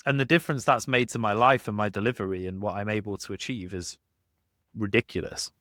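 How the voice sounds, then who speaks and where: Animated man co-hosting a chat. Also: lowish voice, brisk, dry recording, studio quality. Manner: animated, restarts sentences, acts out anecdotes. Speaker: podcast co-host. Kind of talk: casual conversation.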